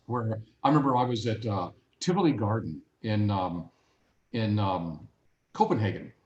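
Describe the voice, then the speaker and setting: Animated storytelling man in an echoey room. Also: lowish voice, normal speed, highs cut off. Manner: animated, acts out voices in anecdotes. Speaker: guest. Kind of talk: casual storytelling. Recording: roomy echo.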